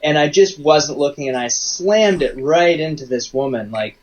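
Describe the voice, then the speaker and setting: A man's voice: on the high side, animated, moderate pace, a little hiss or hum, poor audio. A man from Canada, a singer-songwriter appearing as an interview guest, who tells rambling anecdotes full of restarts. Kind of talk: casual interview chat.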